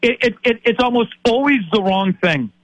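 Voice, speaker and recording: A man's voice: very high-pitched, expressive, moderate pace, a bit bright, no room sound, highs cut off. A man in his late fifties from Wisconsin, a sports talk host ranting in exasperation and tripping over repeated words. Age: 50s.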